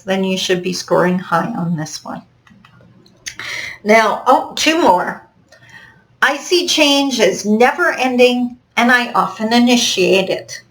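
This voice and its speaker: A woman's voice: a little high, low-quality recording. A middle-aged woman teaching a recorded online course lesson, speaking to viewers in an upbeat, encouraging way. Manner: upbeat, encouraging, direct address.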